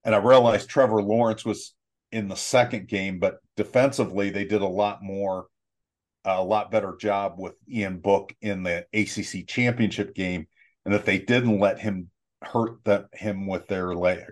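A man working as a college football analyst, talking through game plans in a relaxed, rambling way. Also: on the low side, moderate pace. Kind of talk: casual sports talk.

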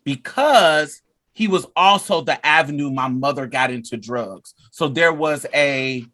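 Male, 40s; high, bright tone; animated casual storyteller. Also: a little slow. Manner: animated, laughs often, acts out quotes.

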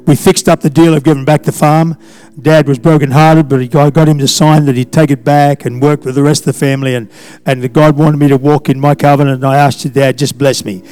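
An older man preaching a sermon, moving from loud declarations to hushed, halting memories. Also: a little high, level tone, clean tone. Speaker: pastor.

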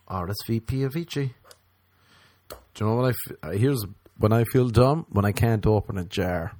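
Comic man, crude mocking rant, slightly low voice. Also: darkish tone, no room sound. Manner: profane, mocking, exaggerated voices. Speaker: comedian. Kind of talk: stand-up rant.

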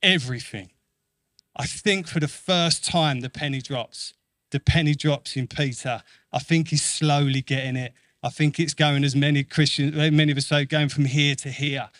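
A man's voice: a little high, moderate pace, no room sound. A man preaching a sermon in an earnest way, repeating phrases for emphasis and acting out quoted voices. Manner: acts out quoted voices with lively shifts.

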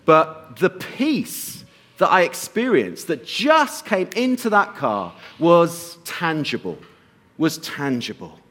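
A man giving a sermon and telling a personal story, slowing to soft emphasis at times and lifting his voice at others. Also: fairly high pitch, very animated. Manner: storytelling, shifts between soft slow emphasis and raised bursts. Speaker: pastor.

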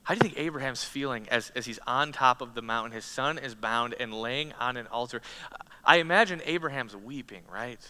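A man preaching a sermon, retelling a story dramatically, rising to loud passages and dropping to hushed ones. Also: mid-range voice, fairly quick, smooth. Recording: long hall reverb.

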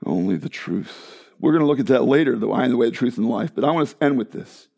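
A man preaching a sermon, moving between loud emphatic proclamation and low hushed tones, with excited conversational asides to the congregation. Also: fast talker, vocal fry. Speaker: pastor.

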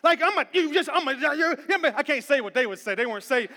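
A male pastor in his thirties delivers a playful, animated sermon with a very high, bright voice. He swings from hushed talk into shouting. A long church reverb trails every phrase. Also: normal speed.

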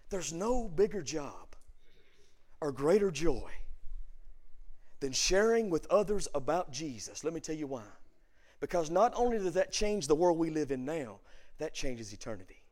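High-pitched pastor guy preaching in church, goes quiet then loud, repeats stuff for punch. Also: very animated, a little slow, pauses often. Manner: preaching with dramatic swings from hushed to loud; repeats words for emphasis. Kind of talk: sermon.

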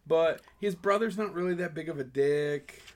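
A man's voice: a little high, moderate pace. A man co-hosting a podcast in casual chat, blunt and opinionated. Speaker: podcast co-host.

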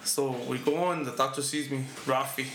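Profane talking man, bright voice. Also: mid-range voice, steady tone, moderate pace, echoey room, a little hiss or hum. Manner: profane, laid-back storyteller mixing Spanish into English. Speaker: podcast co-host. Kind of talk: casual storytelling chat.

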